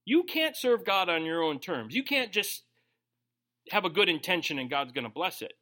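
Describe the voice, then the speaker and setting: A man's voice: sits high, sing-song, normal speed, sharp tone. A man preaching a conversational sermon, joking and briefly acting out quoted voices as he teaches through a Bible passage. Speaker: pastor.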